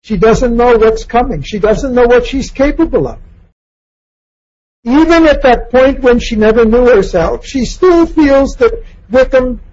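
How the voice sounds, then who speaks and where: A man's voice: very high-pitched, animated, measured pace, darkish tone. Man, lecturer, reflective talk, questioning, dull lo-fi recording. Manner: questioning, acts out quoted lines in passing.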